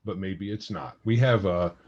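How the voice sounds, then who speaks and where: A man's voice: low-pitched, normal speed, a little mellow, dull audio. A man co-hosting a casual gaming podcast, giving blunt, dismissive opinions. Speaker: podcast co-host.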